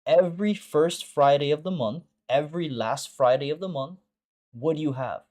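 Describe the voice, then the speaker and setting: A man's voice: fairly high pitch, moderate pace, darkish tone. A man hosting a live trading stream, talking casually and bluntly to viewers, swearing and repeating short phrases for emphasis. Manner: blunt and profane, talks straight to viewers with slang. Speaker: forex trading mentor and stream host.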